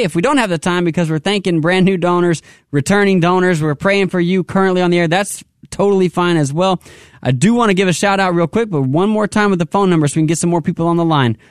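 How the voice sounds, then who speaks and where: High-voiced upbeat radio fundraiser man. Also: no echo, clean studio sound. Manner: upbeat, repeats phone number slowly. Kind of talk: on-air pledge drive appeal. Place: radio studio.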